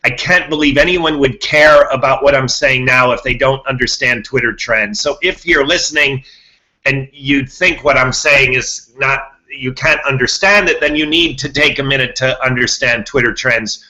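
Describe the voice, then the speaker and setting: A man's voice: mid-range voice, moderate pace, bright, forceful tone, highs cut off. A man hosting a podcast, talking to his listeners in a rambling monologue, repeating himself and restarting words. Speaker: podcast host.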